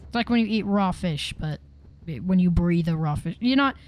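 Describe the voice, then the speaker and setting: A woman's voice: lowish voice, a little fast. Chatty woman narrating her game. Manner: chatty, excitable, trips over her words. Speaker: gamer. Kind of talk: casual game commentary.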